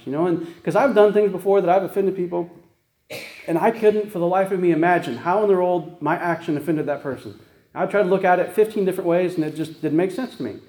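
Fast-talking high-voiced male pastor. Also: dark tone, reverberant. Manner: conversational, repeats "right?" and "guess what?". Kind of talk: sermon.

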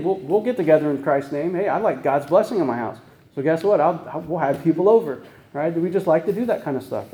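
A man's voice: a little high, warm tone, reverberant. A man preaching a sermon as pastor, conversational, often checking in with "right?" and "guess what?".

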